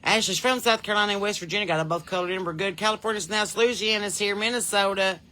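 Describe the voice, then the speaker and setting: Her voice is medium-pitched, bright, and forceful, delivered fast with fairly even intonation. She's a podcast host with a Southern US accent doing a casual livestream, chattily and folksily reading out viewers' names and where they're from.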